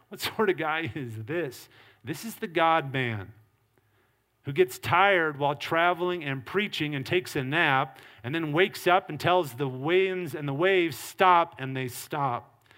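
A man's voice: on the high side, a bit bright. A middle-aged male pastor preaching a sermon, earnest and emphatic. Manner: earnest preaching with acted quotes and varied emphasis.

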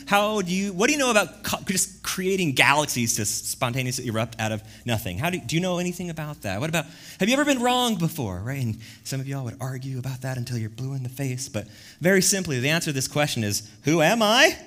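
Brief: male pastor, energetic sermon, slangy delivery, big swings between hushed and loud. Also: medium pitch, fast talker. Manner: lively, jumps from quiet reflection to loud emphatic bursts; casual slangy preaching.

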